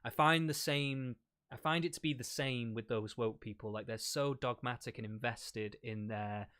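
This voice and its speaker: A man from England chatting casually as a debate guest, relaxed, swearing freely and laughing often. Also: medium pitch, clear, resonant tone, no room sound, studio quality. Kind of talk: casual chat.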